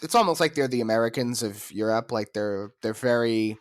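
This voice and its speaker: A male podcast host argues his views in loose, opinionated chat. His voice is medium in pitch and recorded close and dry, with no room echo. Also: brisk. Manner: opinionated, argumentative. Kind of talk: casual chat.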